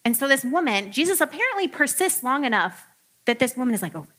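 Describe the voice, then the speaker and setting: A woman preacher talks through her sermon like a chat with friends, playful and quick to joke. Her voice is bright and a touch high, with a clear, forward ring. She fills her lines with "like" and easy asides. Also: big pitch swings. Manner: chatty and playful, heavy use of "like". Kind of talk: casual humorous sermon.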